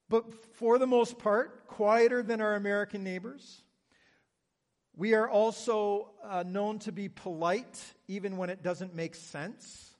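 Canadian-accented male pastor, high voice, conversational sermon with dry self-deprecating humor. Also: in a large hall.

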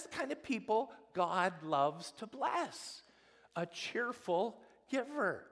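Male pastor, animated sermon delivery with bright, forceful tone; church hall with long reverb. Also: high-pitched, slow pace, slightly rough. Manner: animated storytelling, acts out quotes. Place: church sanctuary.

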